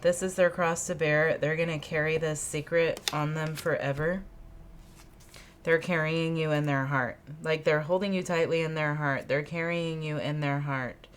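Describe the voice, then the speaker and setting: A woman's voice: sits low, fairly even intonation, moderate pace, a little hiss or hum. A woman doing an intuitive tarot reading, musing aloud, repeating her phrases and asking spirit questions as she pulls cards. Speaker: tarot reader. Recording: card shuffling clicks in background.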